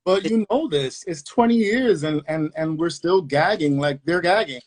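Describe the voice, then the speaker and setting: A man hosting a podcast, asking rambling questions in a playful, excitable way. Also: on the high side, moderate pace. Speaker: podcast host. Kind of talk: casual interview chat.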